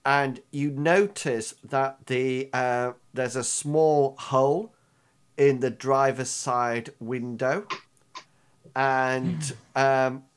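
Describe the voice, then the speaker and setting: A man running a tabletop game as game master, talking in a halting way with many ums and restarts. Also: medium pitch, fairly even intonation, clean tone.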